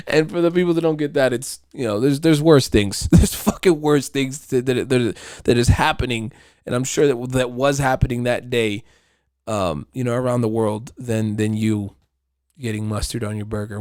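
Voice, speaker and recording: In clean studio sound with no echo, a podcast host delivers a casual, profane, rambling monologue of stories, laughing frequently. He has a medium-pitched, darkish voice and talks at normal speed.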